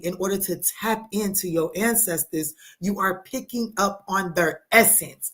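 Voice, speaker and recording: A woman giving a live tarot reading, talking straight to her viewers in an animated, emphatic way, using pet names and casual swearing. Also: mid-range voice. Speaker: tarot reader answering live chat.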